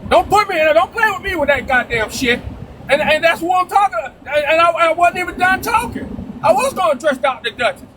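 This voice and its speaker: A man arguing heatedly on a live-stream panel, loud and profane, repeating himself and talking over the others. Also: very high voice, animated, quick pace, noisy background.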